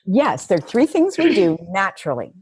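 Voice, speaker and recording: A woman therapist, a guest on an interview podcast, telling stories in an animated way and laughing often. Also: mid-range voice, moderate pace, slightly rough. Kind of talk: conversational storytelling.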